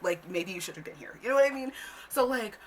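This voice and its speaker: A woman telling a childhood story to camera in a casual vlog, animated and swearing freely, sometimes dropping to a whisper. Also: medium pitch, quick pace, a little hiss or hum.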